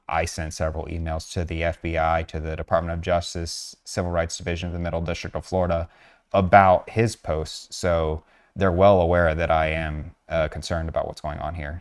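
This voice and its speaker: A man with a deep, even voice that stays low and barely rises or falls. He talks in an earnest, measured way, pausing often on "uh" and "um" as he walks through posts on screen. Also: gravelly. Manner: earnest, measured, with frequent fillers. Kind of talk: narrated screen walkthrough.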